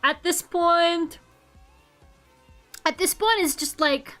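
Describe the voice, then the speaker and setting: A young woman with a light Russian accent, chatting casually on a stream, self-mocking and quick to laugh loudly. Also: extremely high pitch, faint music behind. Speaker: Vtuber streamer. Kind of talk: casual chat while drawing. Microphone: streaming microphone at home.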